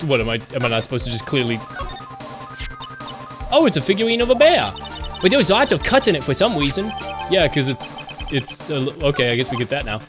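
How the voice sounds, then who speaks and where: A man's voice: fairly high pitch, big pitch swings, a little fast, pauses often. A man streaming a game, joking and swearing casually as he reads the dialogue aloud. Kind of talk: casual let's-play commentary, reading game dialogue aloud. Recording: game music playing under voice. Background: game music.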